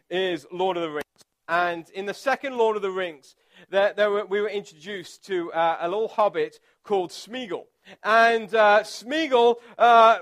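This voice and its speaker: Guy preaching in a chatty laid-back way, pretty high voice, lots of ums and restarts. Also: a bit bright. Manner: chatty and self-deprecating, with filler words and restarts. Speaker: pastor. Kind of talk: conversational sermon.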